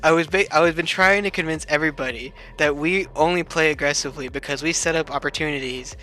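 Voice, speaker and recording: Young guy breaking down a game replay, swears constantly, says like a lot, kinda high bright voice. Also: quick pace. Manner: loose and profane, heavy filler "like", laughs often. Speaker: streamer reviewing his team's match. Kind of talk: casual game replay commentary.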